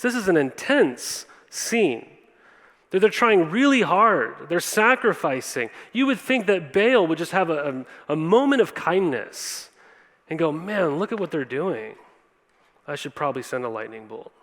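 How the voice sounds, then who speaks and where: A man's voice: high-pitched, fairly bright tone. A male pastor preaching a sermon, reading scripture and then retelling it in casual words, often asking the congregation questions. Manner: conversational, asks the congregation questions. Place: church auditorium. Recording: long reverb of a church hall.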